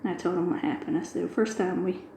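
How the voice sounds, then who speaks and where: Here a craft video host, a middle-aged woman, spins a long everyday tale full of quoted dialogue as she diamond paints. She speaks quickly in a fairly low, creaky, warm voice. The audio is poor, with a roomy sound and slight background noise.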